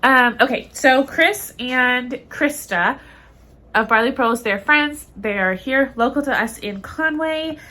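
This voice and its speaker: A woman's voice: high-pitched, slow, pushed and bright. A woman co-hosting a knitting podcast, chatting casually and rambling with lots of fillers, a bit stuffy in the nose. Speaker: podcast co-host.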